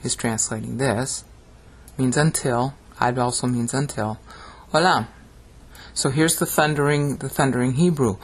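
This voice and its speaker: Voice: medium pitch, normal speed, husky. A Bible language teacher giving a video lesson, explaining word by word, often checking in with "okay?" and chanting ancient phrases with dramatic rising emphasis. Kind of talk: video lesson on screen slides.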